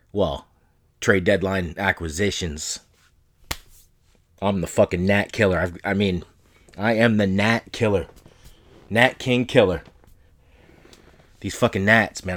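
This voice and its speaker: A man's voice: fairly low pitch, steady tone, a little slow, pauses often. A man in his thirties from northern New England hosting a podcast, rambling in a profane, joking, boastful way. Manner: profane, rambling, jokey bravado. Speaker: podcast host. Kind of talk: casual podcast monologue.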